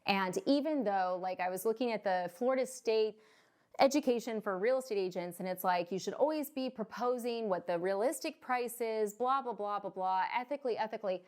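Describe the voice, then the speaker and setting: Chatty woman with a slightly high voice. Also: moderate pace, a little mellow, smooth. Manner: chatty, peppers points with "right?" and "okay?"; jokey asides and acted quotes. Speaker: mortgage loan officer. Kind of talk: casual explainer to camera.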